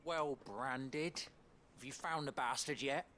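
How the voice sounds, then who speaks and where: An actor playing a bitter, bigoted villager in a video game, grumbling resentfully. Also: male voice, mid-range voice, slow pace, sharp tone, slight background noise.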